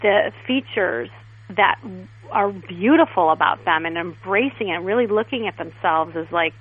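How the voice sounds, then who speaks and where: A woman guest stylist in a casual interview, telling stories in a chatty, animated way. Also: on the low side, normal speed, breathy edge. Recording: tinny phone line.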